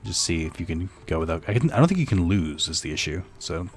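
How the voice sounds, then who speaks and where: A man's voice: sits low, very animated, fast, soft background music. A young man giving casual let's-play commentary, rambling and joking with profane asides. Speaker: gaming streamer.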